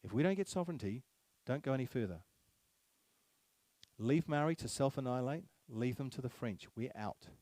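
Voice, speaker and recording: A man's voice: mid-range voice, expressive, moderate pace, darkish tone, dry recording. Emphatic New man addressing a crowd. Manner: emphatic, repeats key phrases, fires rhetorical questions at the crowd. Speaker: speaker at a public meeting. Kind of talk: public speech to a live audience.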